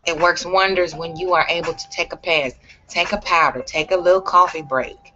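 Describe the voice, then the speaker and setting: A woman's voice: on the low side, fairly even intonation, normal speed, sharp tone, lo-fi sound, faint music behind. A woman talking straight to camera in a blunt, profane, emphatic rant. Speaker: vlogger. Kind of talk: ranting vlog monologue.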